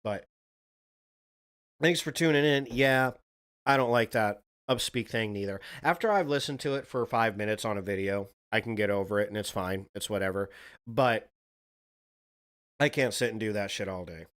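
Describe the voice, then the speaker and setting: A man's voice: fairly low pitch, moderate pace, long pauses, a bit bright. A man live-streaming a casual reaction chat, rambling, swearing and talking to a viewer in chat.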